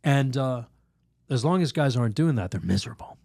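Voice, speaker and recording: A priest telling a lively story in a podcast interview, laughing often, acting out other people's voices, with halting restarts. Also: male voice, medium pitch, vocal fry, dry recording, clean studio sound. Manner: animated, laughs often, acts out quoted voices. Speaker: priest guest.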